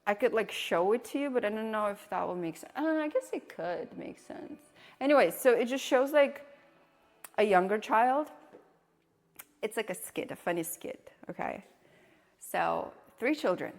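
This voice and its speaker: A woman's voice: medium pitch, animated, normal speed, vocal fry, in a large hall. Blunt, swearing young woman streamer. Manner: blunt, swears freely, storytelling. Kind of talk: casual chat with viewers.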